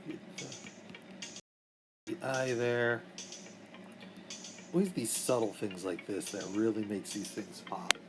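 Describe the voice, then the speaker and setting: A man's voice: lowish voice, slow pace, long pauses, over music. A man from Massachusetts, a comic artist telling rambling stories while he inks a drawing. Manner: rambling storyteller. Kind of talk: casual chat while inking.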